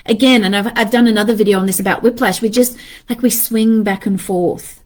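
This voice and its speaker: A woman's voice: fairly high pitch, expressive, brisk. A woman in her thirties talking casually and animatedly to viewers about ADHD, swearing freely and acting out her inner voices.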